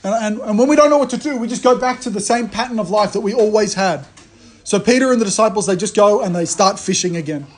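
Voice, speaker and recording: Guy with a high voice preaching casually, tells it like a story, keeps restarting his sentences. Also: fast talker. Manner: animated storytelling, frequent restarts. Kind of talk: conversational sermon.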